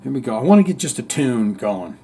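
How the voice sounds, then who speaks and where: A man's voice: mid-range voice, very animated, a little fast, background noise. A man hosting a casual livestream podcast, reading viewer comments aloud in a rambling, joking way with the odd swear.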